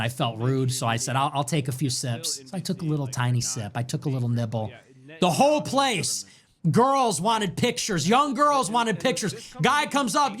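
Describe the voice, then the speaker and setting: A man's voice: sits high, fairly bright tone. A man hosting a livestream, brash, profane and swaggering as he tells boastful stories. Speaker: livestream host.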